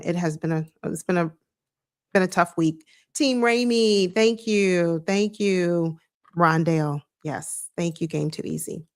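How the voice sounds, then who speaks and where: Low-voiced woman hosting a live stream. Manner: warm, greets viewers by name, earnest and encouraging. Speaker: host of a sports live stream. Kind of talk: casual live-stream chat.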